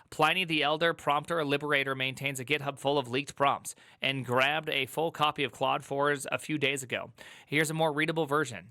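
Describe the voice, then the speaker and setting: On a casual tech reaction stream, a man reads an article aloud and keeps breaking off into quick asides and joking rants. His voice is on the high side with a sharp tone, in a dry, clean studio recording.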